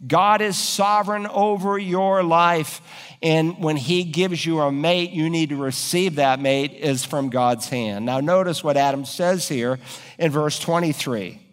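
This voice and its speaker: A man delivers a sermon from the pulpit, his voice sitting a touch higher than most men's. He builds phrases toward emphatic peaks. A long reverb from a large church hall trails each line. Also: unhurried. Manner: preaching with rising emphatic peaks. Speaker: pastor.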